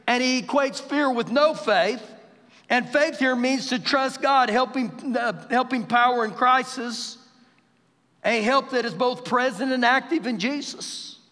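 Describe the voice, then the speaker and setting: Bright-voiced Texan pastor preaching. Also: male voice, very high voice. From Texas. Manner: animated preacher, raising his voice for quoted lines. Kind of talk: sermon. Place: church sanctuary during live service. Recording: live hall with long reverb.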